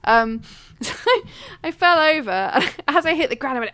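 A woman's voice: extremely high pitch, expressive, fast talker, fairly bright tone. A woman co-hosting a podcast, telling a story in a chatty, self-mocking way with lots of laughter. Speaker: podcast co-host. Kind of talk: casual chat.

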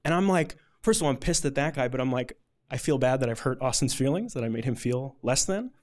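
A man's voice: medium pitch, expressive, fast, a little mellow. A man telling a personal story to an audience, conversational and rambling, with a self-deprecating, emotional edge.

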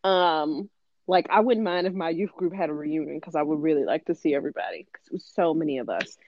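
A woman's voice: low-pitched, fast talker, a little hiss or hum. A woman hosting a podcast, talking bluntly and emphatically in casual chat, swearing freely. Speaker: podcast host. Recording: muffled dry podcast audio.

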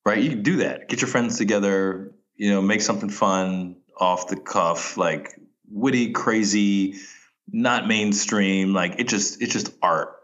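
A man in casual podcast chat, relaxed and laughing often, with many "like"s and "you know"s, talking about filmmaking. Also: lowish voice, measured pace, muffled recording.

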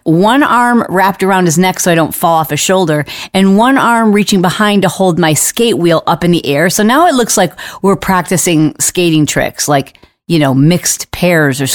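A middle-aged woman hosting a podcast, telling a story in a casual, animated way and laughing now and then. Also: lowish voice, normal speed, dry recording, studio quality. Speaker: podcast host.

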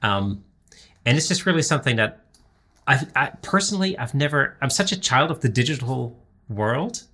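A man's voice: medium pitch, very animated, normal speed, pushed and bright. A man in casual conversation, rambling, with many restarts and fillers. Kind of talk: casual chat.

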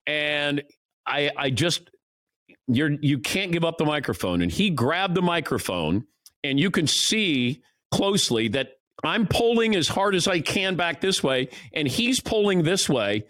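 A man, a sports broadcaster appearing as a guest, telling anecdotes in casual chat and acting out the shouts and quotes in his stories. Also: fairly high pitch, unhurried, no room sound, studio quality. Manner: animated storyteller who acts out shouts and quotes.

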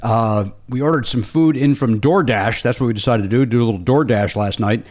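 A man's voice: mid-range voice, brisk. A man hosting a podcast, chatting casually and telling a story with plenty of swearing and acted-out back-and-forth. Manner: animated, swears casually, acts out quoted dialogue. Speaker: podcast host.

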